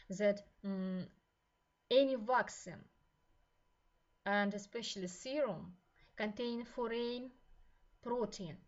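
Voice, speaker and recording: Woman lecturer, Russian accent, halting and repetitive, muffled lo-fi recording. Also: on the high side. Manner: slow, halting delivery with many fillers and repeated phrases. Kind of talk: university lecture. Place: university lecture room.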